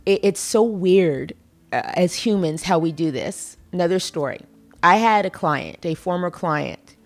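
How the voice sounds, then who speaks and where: A woman's voice: on the low side, a little mellow. A woman hosting her own podcast, talking to listeners in a playful, emphatic way and acting out little conversations. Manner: emphatic, playful, acts out dialogue. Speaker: podcast host. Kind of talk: casual solo podcast talk.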